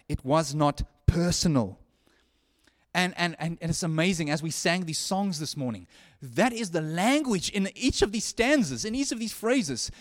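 A man delivers a sermon in an earnest, conversational way, often restarting phrases and swinging between hushed and loud lines. His voice sits high.

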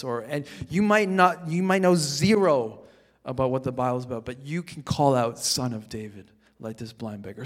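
Shifting from hushed scripture readings to emphatic high points, this male pastor preaches in a conversational manner at medium pitch. He frequently repeats words when starting his sentences.

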